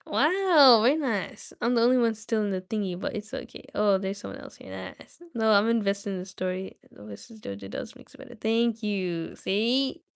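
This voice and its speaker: A woman's voice: mid-range voice, normal speed, vocal fry, hardly any pauses, clean tone. A woman reading a story aloud on a livestream, chatty and breaking off to talk to viewers. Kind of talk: casual read-aloud livestream.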